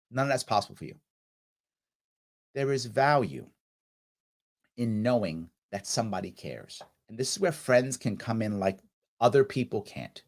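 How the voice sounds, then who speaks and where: Animated middle-aged male talk show host. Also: fairly low pitch. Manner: animated, acts out quoted voices, emphatic. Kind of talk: motivational talk show monologue.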